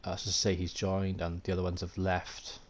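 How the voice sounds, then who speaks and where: Welsh male streamer, lowish voice, chatty running commentary, self-deprecating asides to viewers. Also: monotone, brisk, slight background noise. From Wales. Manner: thinks aloud, chatty, self-mocking, answers chat. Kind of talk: live gameplay commentary.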